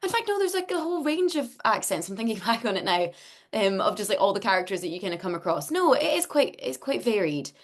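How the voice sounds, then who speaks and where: A woman's voice: medium pitch, very animated, fast. A woman with a neutral Scottish accent, a voice actor chatting in an interview over a video call, laughing often and restarting her sentences. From Scotland. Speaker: voice actor guest. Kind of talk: casual interview chat.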